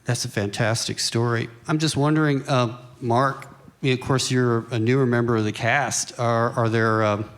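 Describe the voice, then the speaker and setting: A man hosts a panel on a museum stage. His voice sits at a medium pitch. He talks conversationally, filling in background and restarting his questions as he goes. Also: fairly even intonation, normal speed. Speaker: host. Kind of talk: moderating a panel.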